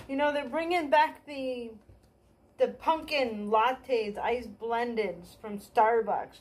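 A woman's voice: a little high, slow pace, slight background noise. A woman doing a stand-up comedy monologue. She rambles, pokes fun at herself, and keeps trailing off and restarting. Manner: scattered, self-deprecating, trailing off and restarting. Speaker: stand-up comic.

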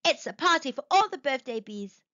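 A woman's voice: high-pitched, big pitch swings, a little fast, bright, forceful tone, no room sound, voice pushed up, full character voice. A woman voicing an eager, hopeful young female bee in a storybook, sometimes shy. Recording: dull dry recording.

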